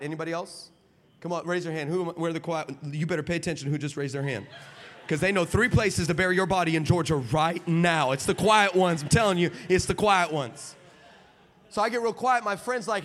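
A man's voice: high voice, quick pace, a bit bright. A man from El Paso, a pastor preaching a sermon, telling stories animatedly, acting out dialogue, and building to emphatic points. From El Paso, Texas. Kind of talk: sermon with storytelling. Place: large hall with audience. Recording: reverberant hall.

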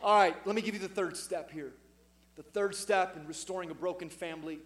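A pastor delivering a sermon in a church sanctuary, his voice sitting high for a man. He is middle-aged and preaches emphatically, climbing louder on each key point. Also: fairly quick.

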